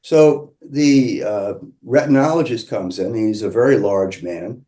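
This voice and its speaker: Guy with a warm low-key voice telling his own story, slow and thoughtful, lots of pauses. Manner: measured, reflective, with pauses and restarts. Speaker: qigong practitioner sharing his story. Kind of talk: personal storytelling.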